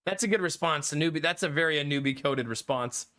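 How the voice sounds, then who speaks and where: A man's voice: a little high, fast talker, bright, forceful tone. A man in his thirties, a live streamer chatting casually and jokingly with his viewers, often breaking into giggles. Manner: giggly, joking, talks to chat.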